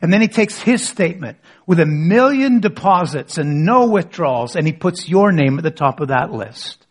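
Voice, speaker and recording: A man's voice: a little high, expressive, normal speed. A man preaching a sermon as pastor, asking rhetorical questions and leading the congregation in reading scripture aloud.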